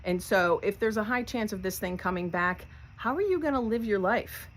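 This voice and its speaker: A woman's voice: medium pitch, animated, normal speed, a little hiss or hum. A woman telling her own survival story in a candid, conversational way, with light laughs. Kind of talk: personal storytelling to camera.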